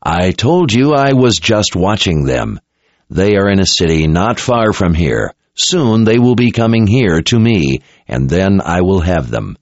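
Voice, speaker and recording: A man's voice: low voice, very animated, measured pace, dry recording, exaggerated voice. A man voicing a haughty, arrogant male sorcerer who drawls his words. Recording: dull lo-fi recording.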